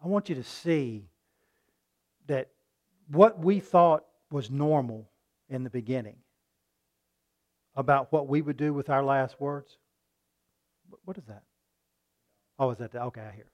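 A man preaching a sermon in a folksy style, often asking his listeners "right?" and loudly acting out the voices of a mocking crowd. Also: medium pitch, a little slow, pauses often. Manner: animated, acts out mocking crowds in loud voices.

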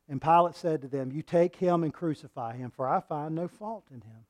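A male preacher delivering a sermon, reading scripture and swinging between loud, forceful passages and hushed ones. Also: on the high side, normal speed, hardly any pauses. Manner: reads scripture aloud and acts out quoted lines.

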